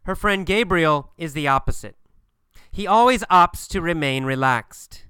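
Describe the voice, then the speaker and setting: Guy teaching english slow and clear, says things twice, kinda high bright voice, super dry close mic. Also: lively intonation, no echo. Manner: slow, emphatic, repeats phrases for learners. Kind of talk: English listening lesson.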